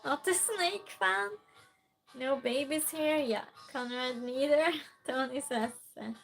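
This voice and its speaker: A woman's voice: high voice, slow pace, vocal fry, faint music behind. A woman with a Swedish accent, casually chatting with her stream and reading viewer comments aloud. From Sweden. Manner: relaxed, reads chat aloud, soft giggles.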